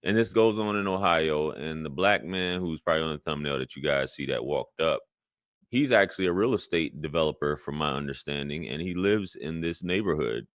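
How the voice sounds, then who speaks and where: A man with a very low voice comments on a video clip as a podcast host. He is indignant and emphatic, and he hammers his points by repeating them. The sound is dry and close. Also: brisk, fairly bright tone, dry recording. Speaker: podcast host reacting to clips.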